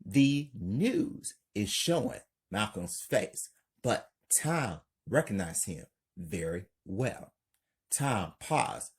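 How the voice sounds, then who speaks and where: A man's voice: lowish voice, very animated, breathy edge. A man narrating an amateur crime story for his channel, reading plainly. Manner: slow, plain reading with hype outro.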